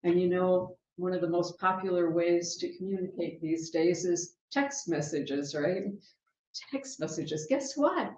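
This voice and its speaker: A woman minister giving a sermon in a chatty, lively way, laughing often and checking in with her listeners. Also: lowish voice, a little slow, slight background noise. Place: church sanctuary. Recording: dull, roomy sanctuary sound.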